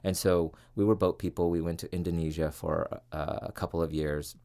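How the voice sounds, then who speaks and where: A man's voice: deep voice, steady tone, fairly quick, dark tone. A man who hosts a podcast and was once a TV reporter, telling his life story in an earnest, reflective way with many fillers. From California, US. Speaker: podcast host, former TV reporter. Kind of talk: personal storytelling monologue.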